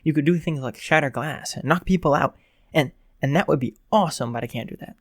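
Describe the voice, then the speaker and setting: A man voicing a shy, flustered teenage boy student in a read-aloud fan story, speaking softly and stammering. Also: fairly high pitch, fairly quick, no echo, studio quality. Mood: nervous. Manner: hesitant, stammering, soft.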